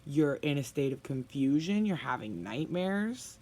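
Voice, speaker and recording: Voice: mid-range voice, big pitch swings, unhurried, darkish tone. A tarot reader giving a spoken reading to viewers, blunt and emphatic, often sighing and sympathetic.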